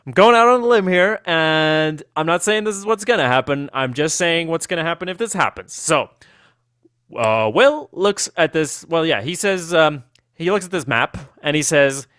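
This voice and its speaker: A man co-hosting a casual chat podcast, talking in an animated, rambling way and restarting his sentences often. His voice is smooth and resonant, and the recording is dry and close. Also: fairly high pitch, normal speed, dry recording. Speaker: podcast co-host.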